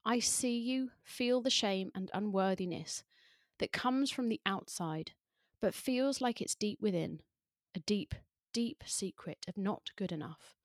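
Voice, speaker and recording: A woman podcast host reading a poem aloud in a soft, deliberate way. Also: mid-range voice, no echo, clean studio sound. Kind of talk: slow, measured poetry reading.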